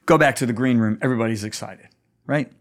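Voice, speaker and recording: Earnest middle-aged male pastor. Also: quick pace. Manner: earnest, emphatic, voice climbs high when stirred. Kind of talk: storytelling in a conversation.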